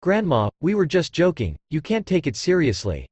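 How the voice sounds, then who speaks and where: A man plays a proud, sneering young man in an audiobook. His talk is scornful and biting, with a lively, rising and falling pitch. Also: normal speed, husky, no echo, dull audio, full character voice. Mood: pleading. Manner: scornful, pleading. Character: arrogant young man, sneering then cornered.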